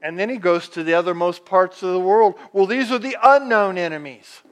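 High-voiced man preaching a lively sermon. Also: fairly quick. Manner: animated preaching, acts out quoted speech, frequent restarts. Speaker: pastor.

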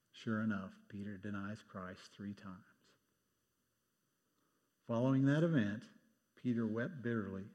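A man's voice: on the low side, measured pace, long pauses, muffled recording. Man preaching in a reverberant church. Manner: reads scripture with lively quoted voices, wry asides. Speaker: pastor. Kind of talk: sermon with scripture reading. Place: church sanctuary.

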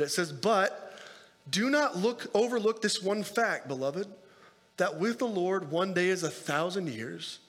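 Pastor, man, high-pitched, casual preaching style, recorded with a long reverb tail. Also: a bit bright. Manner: conversational preaching with asides and rhetorical questions. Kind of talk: sermon.

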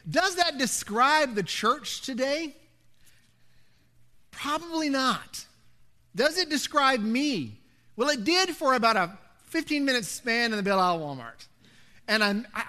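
A middle-aged man preaching a sermon, telling a personal story in an animated way, going from loud to hushed. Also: very high voice, normal speed. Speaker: pastor.

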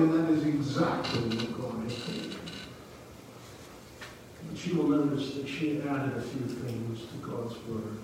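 A man preaching a sermon through a face mask, slow, deliberate and emphatic, stretching his key words. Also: mid-range voice, a little mellow. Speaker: pastor. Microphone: speaking through a face mask. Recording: echoey hall, distant mic, hiss.

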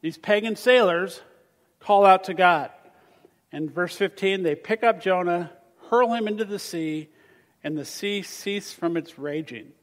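Animated pastor in a reverberant hall. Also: male voice, on the high side. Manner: animated, swings between loud emphasis and soft asides. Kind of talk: sermon with scripture reading. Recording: long reverb of a large hall.

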